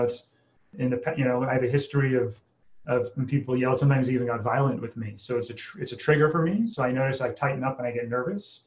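A man guest, an internist, speaking in a gentle, earnest, halting way in calm conversation. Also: medium pitch, echoey room, dull audio. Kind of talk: calm conversational podcast talk.

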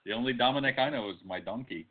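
A man's voice: medium pitch, fast, a little hiss or hum. A man co-hosting a podcast, joking and bantering in casual chat. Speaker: podcast co-host. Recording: tinny phone-like audio.

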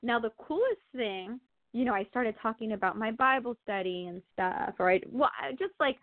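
A woman telling a personal faith story in casual, animated chat, with lots of fillers and laughter. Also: medium pitch, fairly quick, no echo. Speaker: guest sharing testimony. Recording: tinny phone-like line, dry.

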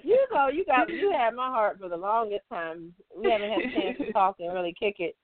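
A woman's voice: medium pitch, lively intonation, brisk, dry recording. A woman hosting a call-in open mic show, greeting callers in a friendly, chatty, casual way. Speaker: radio call-in show host. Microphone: phone. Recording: tinny, dry phone line.

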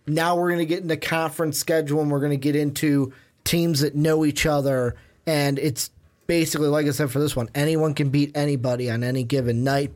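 A young man co-hosting a casual sports podcast, animated and jokey, often cutting in on his partner. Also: fairly high pitch. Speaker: podcast co-host.

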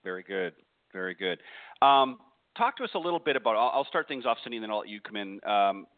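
A man hosting a radio interview, loose and halting with many restarts. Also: on the low side, animated, dry recording. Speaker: radio show host. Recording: tinny phone-quality line.

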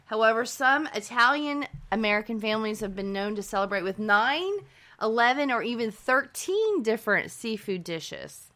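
A woman's voice: fairly high pitch, animated, moderate pace, fairly bright tone. A woman co-hosting a medical preparedness podcast, reading out background facts in a friendly, conversational way. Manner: reads facts aloud, friendly back-and-forth. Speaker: nurse practitioner co-host.

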